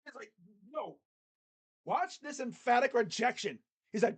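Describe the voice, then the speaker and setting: A fan streamer calling a basketball game live, play-by-play style, mixing excited calls with sarcastic jokes and quiet mutters. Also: medium pitch, normal speed, husky. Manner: joking, sarcastic asides. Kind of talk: casual live play-by-play reaction.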